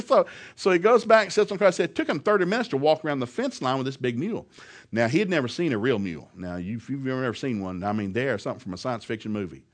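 A man telling a humorous story to an audience, animated and laughing often as he talks. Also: medium pitch, quick pace. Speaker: speaker.

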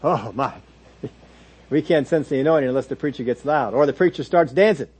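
Husky-voiced male preacher. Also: on the high side, quick pace, a little mellow. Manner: conversational teaching, mimics churchgoers in quoted asides. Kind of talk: sermon.

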